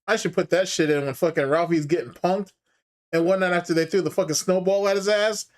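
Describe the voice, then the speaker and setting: A man's voice: high-pitched, fairly even intonation, a little fast. A man giving casual, profane commentary as host, mocking and taunting with frequent laughter.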